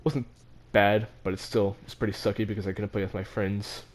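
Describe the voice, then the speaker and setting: A man's voice: on the low side, flat delivery, brisk. Teenage boy telling a story casually. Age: teens. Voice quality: laughs between phrases, restarts and stumbles. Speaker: vlogger.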